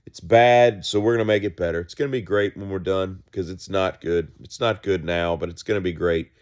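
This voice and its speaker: A man's voice: low voice, steady tone, fairly quick, darkish tone, clear, resonant tone, close to an everyday voice. A man mimicking a rambling, repetitive politician. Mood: boastful rambling. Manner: circular, repetitive phrasing. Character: rambling older male politician, repetitive boaster.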